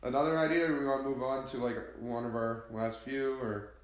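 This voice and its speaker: A man's voice: medium pitch, brisk. Man, podcast co-host, casual chat, joking, echoey room. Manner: leads segments, joking banter. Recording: roomy echo.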